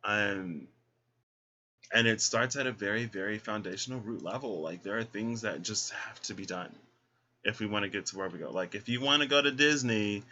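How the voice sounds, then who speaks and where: A man's voice: fairly low pitch, normal speed, bright, forceful tone, slight background noise. A man giving a casual tarot reading, sassy and chatty, talking straight to the listener, in a dull lo-fi recording. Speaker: tarot reader. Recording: dull lo-fi sound.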